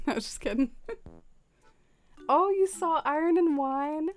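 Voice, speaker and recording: A young woman streamer chatting casually with her viewers as she decorates, full of "like" and quick laughs. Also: high voice, expressive, faint music behind. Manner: chatty, many fillers, laughs often. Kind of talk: casual livestream chat with viewers.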